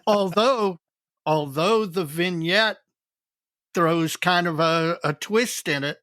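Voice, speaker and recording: A man co-hosting a podcast in casual chat, easygoing and quick to laugh. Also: sits high, pushed and bright, no echo, clean studio sound. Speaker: podcast co-host.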